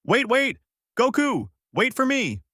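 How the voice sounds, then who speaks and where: A man voicing an easily annoyed, bossy teenage girl adventurer in a fan-made story, with exasperated, shrill lines. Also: big pitch swings, brisk, a bit bright, no room sound, studio quality. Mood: panicked.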